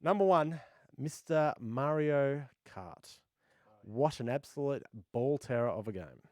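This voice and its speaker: A man co-hosting a gaming podcast in casual, jokey chat, laughing often, his voice a little rough from the laughter. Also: mid-range voice, lively intonation, a little slow, a little mellow, dry recording. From Australia. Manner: jokey, laughs often, bloke-ish banter. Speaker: podcast co-host.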